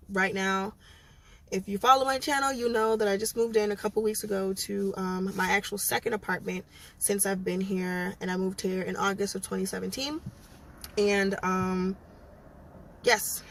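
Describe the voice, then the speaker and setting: A woman's voice: medium pitch, fairly bright tone, slight background noise. A young adult woman from Massachusetts, talking frankly in a casual vlog, full of ums and likes. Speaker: vlogger.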